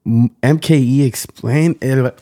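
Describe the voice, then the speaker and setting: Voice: mid-range voice, unhurried, warm tone. An interviewer asking questions in a casual chat and backing the guest with short affirmations. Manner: supportive, many short affirmations.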